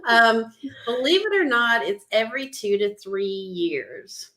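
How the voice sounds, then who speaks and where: A woman's voice: a little high, unhurried. Playful woman co-hosting a live chat. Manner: relaxed, playful, trips on words. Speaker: co-host. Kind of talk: casual live-stream chat.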